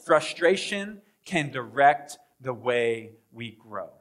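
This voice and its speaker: A man preaching a sermon as pastor, animated, acting out voices and swinging between loud bursts and hushed asides. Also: medium pitch, slow pace, slight background noise. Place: church sanctuary.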